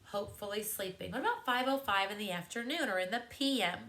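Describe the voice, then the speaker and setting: A woman's voice: medium pitch, lively intonation, fast talker, a bit bright. A woman teaching young children to read clocks, with encouraging, sing-song questions. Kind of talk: classroom lesson to young students.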